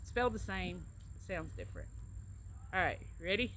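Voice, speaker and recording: A chatty middle-aged woman with a Southern Alabama drawl, talking casually and explaining words with small stories. Her voice is bright and forward, and faint background noise sits behind her. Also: on the low side, wildly swooping pitch, normal speed. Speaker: co-host, travel agent. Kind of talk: casual accent-tag chat.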